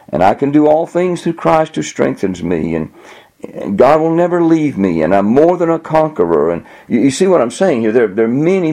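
Gravelly low-voiced man preaching. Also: mellow. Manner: halting restarts, acts out quoted voices in a raised pitch. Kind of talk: sermon with spoken illustrations.

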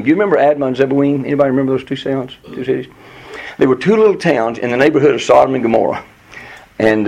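A man's voice: vocal fry, darkish tone, poor audio. Earnest man teaching scripture. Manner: earnest, emphatic, rises in pitch on quoted pleas. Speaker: Bible teacher. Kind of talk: verse-by-verse Bible teaching.

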